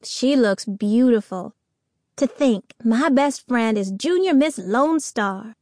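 A woman reading an audiobook, voicing a bold, playful young cowgirl girl with a lively, teasing manner. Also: fairly high pitch, slow pace, no echo, clean studio sound. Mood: sassy.

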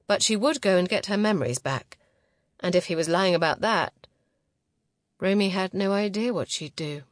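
A woman reading a novel aloud as narrator, in a measured, close and intimate way. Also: medium pitch, no room sound. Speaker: audiobook narrator. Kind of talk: scripted narration.

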